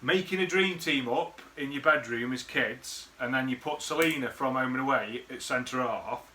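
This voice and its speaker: A man's voice: mid-range voice, moderate pace, sharp tone, slight background noise. A man recording a rambling, sweary birthday message full of memories for an old friend. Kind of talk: casual rambling reminiscence.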